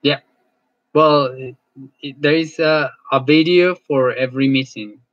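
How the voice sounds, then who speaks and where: Wrapping up an online class, a male English teacher chats casually in a friendly, halting way, often repeating words. His voice is medium-pitched, fairly even, and a bit bright, recorded lo-fi with no echo.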